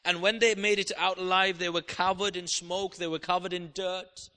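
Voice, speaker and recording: High-voiced passionate preacher in a hall. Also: male voice, little pitch movement, moderate pace. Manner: impassioned preaching, swings from soft prayer to loud declarations. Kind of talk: sermon. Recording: long hall reverb.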